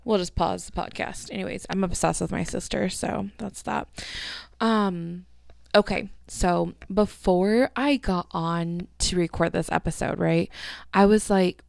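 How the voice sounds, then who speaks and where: A woman's voice: fairly low pitch, a little slow, gravelly, no room sound, clean studio sound. A young woman hosting a solo podcast in casual chat, gushing to her listeners with lots of "like" and "um", yawning now and then. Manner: chatty, filler-heavy, 'like' and 'um' everywhere; yawns between phrases. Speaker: podcast host.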